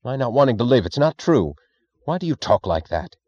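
A man's voice: medium pitch, big pitch swings, brisk, a little mellow, dry recording, dull audio, pitched above the performer's own voice. A man voicing a flustered bullying official. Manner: defensive, flustered. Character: blustering anxious male political boss. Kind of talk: audiobook character voice.

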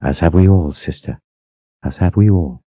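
A man's voice: moderate pace, breathy edge, no echo. A man doing a cold, menacing older sister. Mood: cool. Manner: cold, menacing, low hiss. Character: stern commanding older woman, ruthless leader. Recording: slightly muffled dry recording.

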